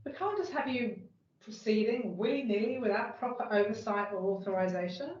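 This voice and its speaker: A woman's voice: on the high side, lively intonation, brisk, darkish tone, lightly acted. A woman playing a strict, bureaucratic PMO manager who complains indignantly about missing paperwork, in an amateur workplace role-play over a video call. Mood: exasperated. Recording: echoey room, dull lo-fi sound, faint noise.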